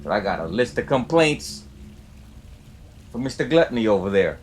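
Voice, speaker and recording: Hyped, profane male streamer, lively voice. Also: mid-range voice, normal speed. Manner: hyped, profane, teasing his chat. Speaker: game streamer. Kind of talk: casual livestream chat. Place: home gaming setup. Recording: noisy background.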